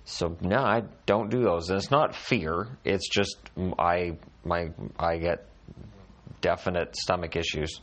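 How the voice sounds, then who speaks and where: A middle-aged man with a deep, low voice chats on his podcast from a hotel room. His humor is dry and self-deprecating, and he often restarts his sentences as he goes. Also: steady tone, a little slow. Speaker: podcast host. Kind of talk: casual solo podcast chat.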